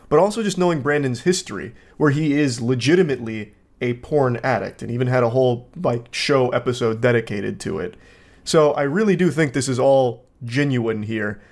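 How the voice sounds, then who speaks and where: A man hosting comedic commentary on online videos. His delivery is dry and sarcastic, and he often slips into mock sincerity. His voice sits at an ordinary, middle pitch. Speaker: host.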